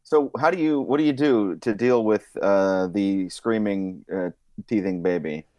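A man's voice: lowish voice, measured pace, darkish tone, no room sound. A man co-hosting a comedy podcast, rambling through goofy jokes and laughing at his own bits. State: groggy from a nap. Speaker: podcast co-host. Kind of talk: casual comedic banter.

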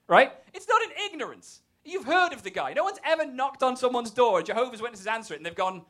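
An English man with a high, bright voice that swings animatedly up and down. He is a stand-up comic with a wry, self-deprecating and profane sense of humor. His tone is sharp and forward. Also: sing-song, fast talker. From England. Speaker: stand-up comedian. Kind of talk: stand-up set and casual interview.

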